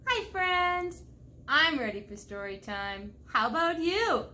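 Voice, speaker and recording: Slow, playful woman reading to kids. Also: high-pitched, big pitch swings, background noise. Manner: playful, talks to young viewers, asks questions. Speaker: children's storyteller. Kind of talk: picture-book read-aloud for children.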